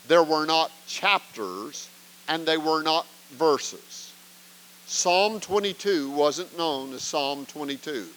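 A man's voice: on the high side, a bit bright, rough recording. A man teaching an evening Bible study as a pastor, earnest and emphatic, often asking rhetorical questions.

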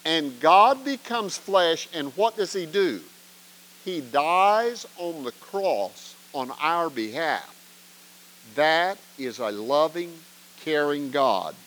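A man's voice: a little high, very animated, slow pace, a bit bright, low-quality recording. A man teaching an evening Bible study as a pastor, earnest and emphatic, often asking rhetorical questions.

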